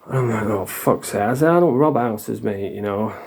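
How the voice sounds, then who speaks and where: A man's voice: on the low side, normal speed, gravelly, darkish tone, husky. A middle-aged man from England telling his own story in a blunt, sweary, confessional way. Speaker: vlogger. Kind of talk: casual storytelling.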